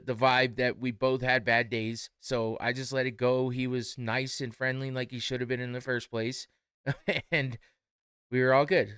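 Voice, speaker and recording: A tired young man casually telling a story as a podcast host, animated and laughing as he acts out both sides of the exchange. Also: medium pitch, clean tone, no room sound, studio quality.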